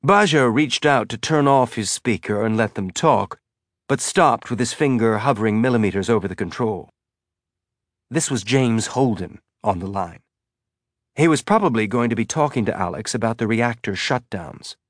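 A man's voice: mid-range voice, lively intonation, normal speed, no echo, clean studio sound. Man narrating a tense audiobook. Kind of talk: scripted narration.

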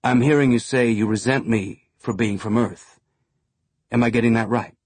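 A man voicing a hardened male rebel leader who speaks softly and gives clipped commands, in an audiobook. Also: medium pitch, steady tone, normal speed, slightly rough, dry recording, close to an everyday voice. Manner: soft, controlled, clipped commands. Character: older male revolutionary leader, calm but menacing.

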